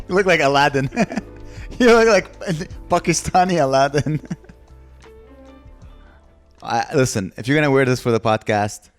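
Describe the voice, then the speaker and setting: Teasing, excitable man on a comedy podcast. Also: fairly high pitch, soft background music. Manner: teasing, excitable, quick to laugh. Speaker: podcast co-host. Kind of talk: casual comedic banter. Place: Montreal.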